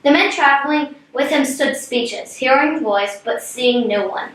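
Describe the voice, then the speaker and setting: A woman's voice: sits high, moderate pace, a bit bright, far from the mic. Young woman reading scripture in an echoey room. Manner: reads plainly, stumbles on names. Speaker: scripture reader.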